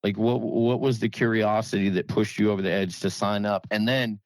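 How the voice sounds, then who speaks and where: A young man, a pastor, talking with a guest on a casual podcast, excitable and saying "dude" and "man" a lot. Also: lowish voice, normal speed, no echo.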